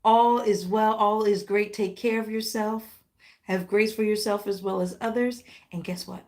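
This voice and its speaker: A woman hosting a live tarot reading, talking warmly and directly to her viewers with pet names and playful exclamations. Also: mid-range voice, normal speed. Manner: affectionate, animated, talks directly to viewers. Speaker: tarot reader.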